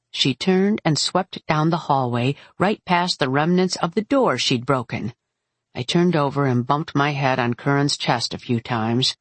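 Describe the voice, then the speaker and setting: A woman narrates a first-person audiobook, wry and matter-of-fact. Her voice sits low and husky, recorded close and completely dry. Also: unhurried, no room sound.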